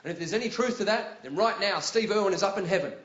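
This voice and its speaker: A man with an Australian accent performing a stand-up comedy routine, telling stories animatedly and bursting into yells. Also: high-pitched, fast talker, very noisy. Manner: animated storytelling, acts out voices, big yelling bursts. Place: live venue with audience laughter. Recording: roomy live venue sound with loud ambience.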